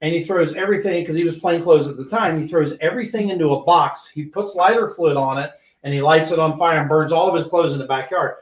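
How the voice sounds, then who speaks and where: A high-voiced man tells a police story in a casual, animated way and curses freely. His voice sounds roomy and echoey, as if he is recording in a bare room. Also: fast talker, hardly any pauses, muffled recording. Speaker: podcast co-host, police officer. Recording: roomy echo.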